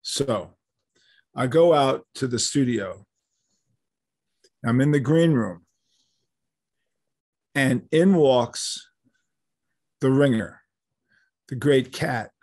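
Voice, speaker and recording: Animated older man telling a story. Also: medium pitch, drawn-out words, long pauses, no room sound. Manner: animated, acts out quoted dialogue. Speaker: guest. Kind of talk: anecdotal storytelling in an interview.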